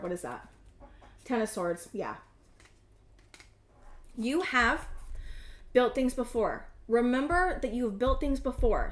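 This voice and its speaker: A woman in her thirties with a fairly high voice talks through a tarot reading, rambling and intuitive, stopping and restarting as she goes. Her voice carries a noticeable room echo. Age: 30s. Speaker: tarot reader. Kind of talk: casual tarot reading to camera.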